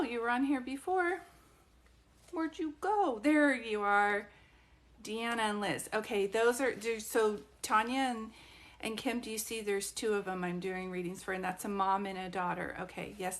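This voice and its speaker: A woman's voice: medium pitch, moderate pace. A woman working as a psychic medium, giving live social media readings in a chatty, rambling way and asking viewers questions.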